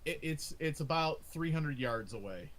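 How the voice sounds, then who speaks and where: A man's voice: a little high, expressive, moderate pace, fairly bright tone. A man narrating as game master, hesitant, with many ums and uhs.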